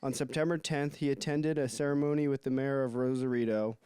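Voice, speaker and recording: A man co-hosting a podcast, reading out research notes and chatting, quick to laugh. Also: mid-range voice, steady tone, warm tone, clear, resonant tone, no echo. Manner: laughs easily, short reactions. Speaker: podcast co-host.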